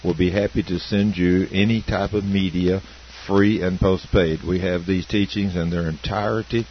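A man hosting a program, closing the broadcast with steady, measured announcements. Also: low-pitched. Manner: steady, measured announcing, reading out contact details slowly. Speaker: program host. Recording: dull broadcast audio with faint hiss.

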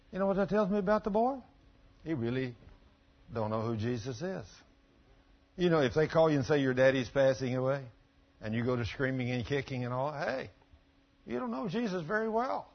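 A middle-aged man preaching a sermon, telling folksy stories and swinging from quiet asides to loud emphatic bursts. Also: on the high side, big pitch swings, normal speed. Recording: dull lo-fi church recording.

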